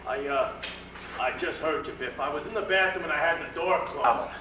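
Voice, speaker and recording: A man's voice: a little high, moderate pace, background noise, natural voice. An actor playing a frantic, evasive aging salesman father on stage, stammering and repeating himself. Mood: puzzled. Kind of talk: live stage drama acting. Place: theater stage. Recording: distant, muffled, echoey stage recording with music.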